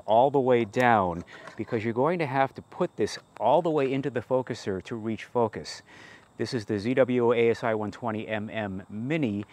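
A man giving a hands-on telescope review, practical and matter-of-fact, with dry joking asides. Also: mid-range voice. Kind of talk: product review walkthrough.

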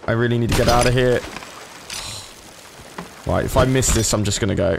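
A man's voice: mid-range voice, fairly quick, creaky, pauses often, background noise. A man commentating live as he plays, swearing and talking to his chat. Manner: swearing, frustrated, talks to chat. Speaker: gaming streamer.

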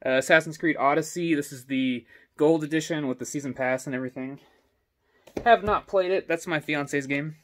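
A man's voice: on the high side, moderate pace, a little hiss or hum. A young man talks through his game collection at home, filmed on a selfie stick held at arm's length. He rambles in a loose, casual way, dropping plenty of ums and uhs as he goes. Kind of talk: casual walkthrough vlog. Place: indoor home with stairs. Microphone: selfie stick camera.

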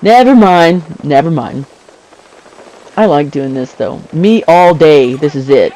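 Male gamer, joking commentary, high voice, slow unhurried delivery. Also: lively intonation, a little mellow, rough recording. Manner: jokey, chuckles often, talks back to the game. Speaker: gamer narrating his play. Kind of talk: casual gameplay commentary.

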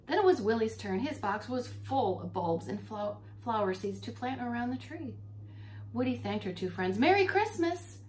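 A preschool teacher, a woman, reading a story aloud to young children, expressive and talking to them directly. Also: fairly high pitch, moderate pace, slight background noise. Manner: animated and expressive, talks to children.

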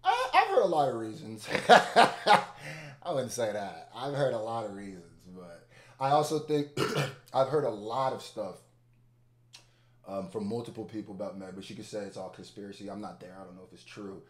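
A man hosting a reaction video, chatting casually with loud laughing outbursts and low mutters. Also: sing-song, normal speed. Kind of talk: casual commentary reacting to a song. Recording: echoey room.

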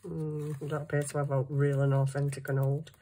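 A middle-aged craft vlogger with a low, dark voice that barely moves in pitch talks fairly quickly, rambling and poking fun at herself. She chats to herself while crafting at her home desk.

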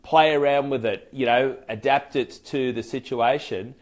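An Australian man with a voice of ordinary middle pitch coaches listeners on how to open a sales call. He keeps it informal and unpolished, with frequent ums, restarts and little acted-out phone greetings. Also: steady tone, measured pace. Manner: chatty, loose and hesitant, many fillers and restarts; acts out sample phone greetings. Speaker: sales trainer. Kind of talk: conversational training talk.

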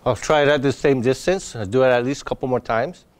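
Calm man teaching dog training. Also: fast talker. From Hawaii. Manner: calm explaining, bursts of high praise to the dog. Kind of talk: outdoor demonstration lesson.

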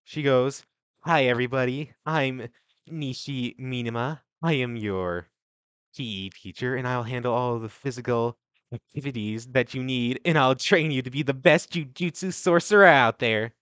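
A man's voice: medium pitch, normal speed, fairly bright tone, dry recording. A young man narrating as game master, casual and stumbling, briefly voicing the teachers.

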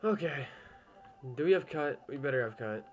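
A man's voice: a little high, animated, moderate pace, faint music behind. A young man casually commentating a game he is playing at home, chatty and easily annoyed, swearing at the game now and then. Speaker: gameplay commentator.

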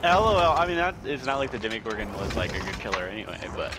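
A man who has just woken up, with a husky voice, chatting loosely in online voice chat while gaming, rambling and swearing. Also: fairly low pitch, fast. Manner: loose, profane, rambling, with filler words. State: groggy and husky, just woke up. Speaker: gamer in voice chat. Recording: loud background noise.

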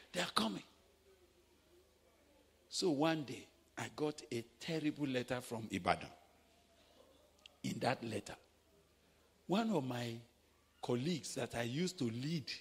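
A man with a Nigerian accent preaching a sermon, telling stories and acting out quoted voices, his delivery swinging from hushed to shouting. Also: fairly high pitch, creaky, husky, big-room sound. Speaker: pastor. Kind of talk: sermon with storytelling.

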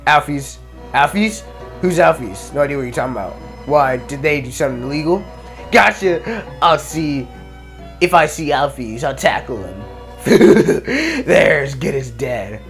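A man voicing a bored, brash female fish-monster police officer, talking loud and gruff. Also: a little high, big pitch swings, unhurried, faint music behind, exaggerated voice. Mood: eager.

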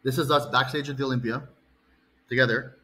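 A man's voice: medium pitch, fairly even intonation, fairly quick, sharp tone, poor audio. A male bodybuilding coach telling an angry personal story, heated, profane and rambling.

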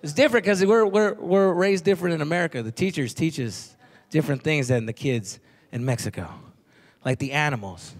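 A man doing a stand-up comedy set on a theater stage, telling stories with lively voices for his relatives and teachers. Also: a little high, fairly quick, a crowd in the background. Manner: animated storytelling, acting out relatives and teachers. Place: theater stage before a live audience. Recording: live theater audience and noise.

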